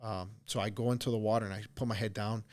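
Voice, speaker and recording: A middle-aged man, a podcast host, telling a story in a casual, animated way, often restarting words. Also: fairly low pitch, fast. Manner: animated, repeats and restarts words, acts out voices when quoting.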